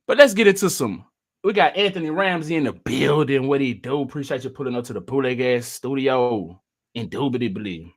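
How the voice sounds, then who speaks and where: A man runs a laid-back live stream in a loose, slangy way, shouting out viewers one by one as they show up. His voice sits at an ordinary middle pitch for a man. He keeps a casual, chatty flow throughout. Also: expressive, a little fast.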